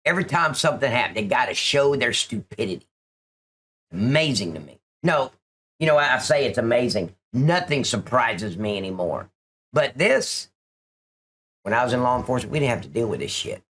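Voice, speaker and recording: Profane ranting man with a bright, lively voice. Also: medium pitch, moderate pace, a little hiss or hum. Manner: indignant, profane, sarcastic ranting. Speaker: commentator reacting to police video. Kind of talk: reaction commentary.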